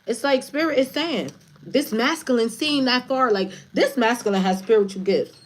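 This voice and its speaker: A woman's voice: on the high side, moderate pace. A woman giving a casual tarot reading on a livestream, blunt and profane, who repeats phrases for emphasis. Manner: preachy, repeats phrases for stress. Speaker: tarot reader and spiritual advisor.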